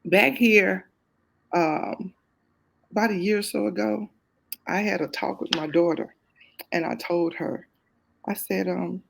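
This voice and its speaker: A middle-aged woman, a guest on a talk show, telling a personal story in a lively, expressive way with casual Southern phrasing. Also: mid-range voice, gravelly, breathy edge. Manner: lively, expressive, quick to laugh at herself.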